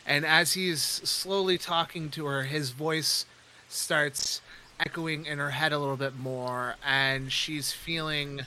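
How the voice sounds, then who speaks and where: Give me a bright-voiced man narrating his moves in a tabletop game. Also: a little high, fairly even intonation, slow, a little hiss or hum, poor audio. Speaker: player.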